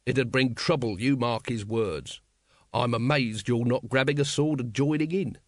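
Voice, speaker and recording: A man reading a weary, gloomy male watch captain in an audiobook, speaking slowly and drily. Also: mid-range voice, no echo, close to an everyday voice. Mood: dry. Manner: slow, dry and flat. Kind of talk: audiobook character voice.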